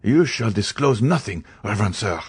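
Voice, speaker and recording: A man's voice: lowish voice, expressive, normal speed, husky. A man voicing a sly, frightened former galley convict who pleads and evades. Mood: pleading. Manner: pleading, evasive.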